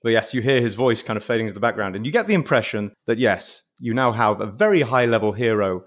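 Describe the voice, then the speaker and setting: An English man runs a tabletop adventure, narrating with a lively voice that swings up and down. He talks quickly and laughs easily between descriptions. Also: lowish voice. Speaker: game master.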